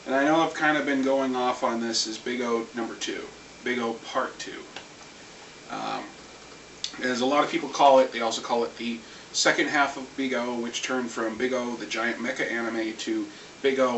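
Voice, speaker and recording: A man ranting casually about anime, rambling and animated, swearing now and then. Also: mid-range voice, normal speed. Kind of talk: casual rant. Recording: echoey room, far from mic, faint hiss.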